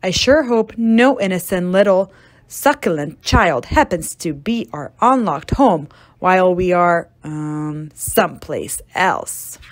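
A scheming mama dinosaur from a storybook, sweet on the surface and hungry underneath, as a woman reads her. She speaks slowly with a lilting, lively pitch. Innocent-sounding, plotting. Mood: sly.

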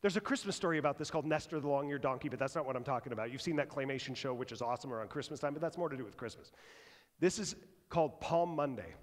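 Animated pastor preaching in a reverberant church. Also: male voice, mid-range voice, rapid-fire. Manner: animated, conversational preaching, swings from loud to hushed. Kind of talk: sermon. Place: church sanctuary.

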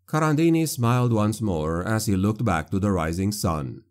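A male audiobook narrator reads dark fantasy in a measured, grave delivery. His voice sits on the lower side. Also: expressive.

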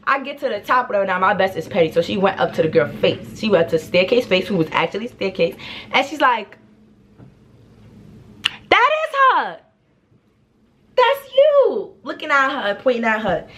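A young woman telling a story in a casual, slangy, animated way, acting out what people said. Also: mid-range voice, quick pace. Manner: animated, slangy, acts out the quotes. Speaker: vlogger.

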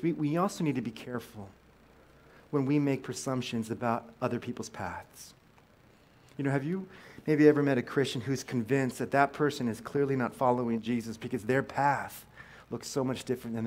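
A male pastor giving a conversational sermon in church, asking the congregation questions and restarting his sentences often. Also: medium pitch. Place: church sanctuary.

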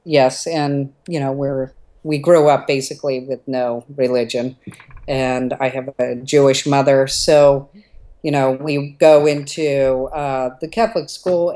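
A middle-aged woman from Southern California, an entrepreneur telling anecdotes in a casual interview, animated and laughing often. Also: very deep voice, a little slow.

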